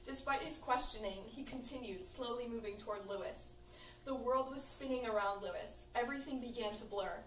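A woman's voice: a little high, brisk, recorded from a distance. A young woman reading her fan fiction aloud at a party in an amused, informal way. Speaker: reader. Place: room at a birthday party. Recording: echoey room from afar, faint noise.

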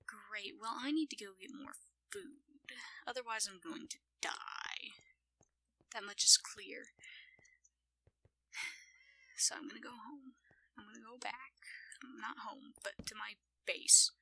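A woman quietly commenting on her own gameplay, often in a whisper and talking playfully to herself. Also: a little high, a little slow, vocal fry, a little hiss or hum, poor audio. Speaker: gaming channel host.

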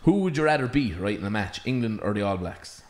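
A man's voice: lowish voice, lively intonation, fast, a little mellow. An Irish man hosting, firing off teasing questions and laughing a lot in casual chat. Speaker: host. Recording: echoey room, faint noise.

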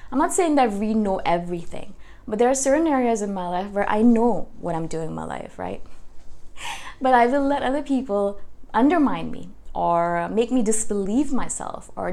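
A woman in her thirties talking in a casual personal vlog. She tells animated stories and often ends her points with a tag question. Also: medium pitch. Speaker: YouTube host.

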